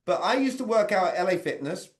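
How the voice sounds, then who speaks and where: Over a video call, a man whose voice runs fairly high coaches a group in a sing-song manner, talking fast. It feels like an interactive sales communication training, kept conversational as he pauses to ask people questions by name.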